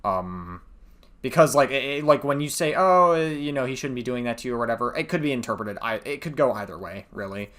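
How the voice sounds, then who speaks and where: A man's voice: mid-range voice, lively intonation, brisk, fairly bright tone. Heated man ranting in commentary. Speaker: commentary host. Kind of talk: reaction commentary.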